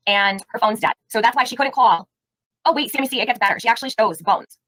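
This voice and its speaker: A woman's voice: a little high, quick pace, a bit bright, no echo, poor audio. A woman hosting a live stream, giving heated, indignant commentary and firing rhetorical questions at her chat. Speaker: livestream host.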